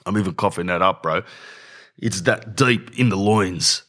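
A man's voice: low-pitched, normal speed, very noisy. A man ranting bluntly in slangy casual talk, often saying "bro", as a podcast host. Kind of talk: casual rant.

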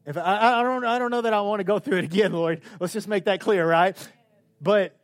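A man preaching a sermon with passion, swinging between loud outbursts and hushed, quiet stretches. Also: high voice, fairly quick. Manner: impassioned, swinging from shouts to hushed tones.

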